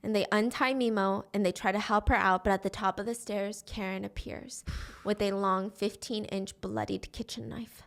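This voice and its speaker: A woman telling a dramatic story to friends in a casual, animated way, acting out the characters' lines as she goes. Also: mid-range voice, normal speed, creaky. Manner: animated, acts out quoted lines.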